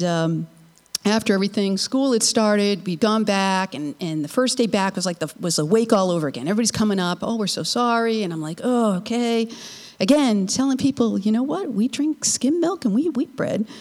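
A woman's voice: mid-range voice, darkish tone, in a large hall. A middle-aged woman telling a personal faith story to an audience in a conversational, emotional way. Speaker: speaker sharing a personal testimony.

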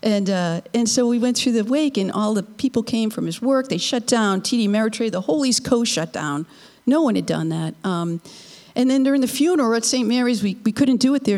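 A woman's voice: a little high, animated, brisk, a little mellow, big-room sound. A middle-aged woman telling a personal faith story to an audience in a conversational, emotional way. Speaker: speaker sharing a personal testimony.

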